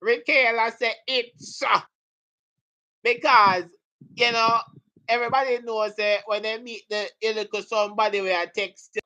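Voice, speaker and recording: A woman's voice: a little high, steady tone, normal speed, pushed and bright, dull audio. A woman teaching a live exam prep lesson, joking and laughing with her students as she goes. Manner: playful, laughing, hypes up students.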